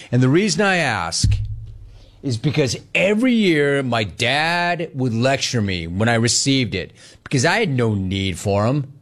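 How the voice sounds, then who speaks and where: A man in his forties from Los Angeles hosting a sports talk show, telling rambling stories and reading live chat. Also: fairly high pitch. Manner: animated, rambling storytelling, repeats phrases.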